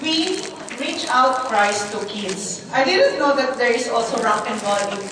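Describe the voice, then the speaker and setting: A woman's voice: on the high side, animated, unhurried. A Filipino woman in her fifties gives a chatty church talk, questioning the audience and slipping in Tagalog asides. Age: 50s. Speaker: guest speaker at a church ministry event. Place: large hall. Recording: very echoey hall from far off, faint noise.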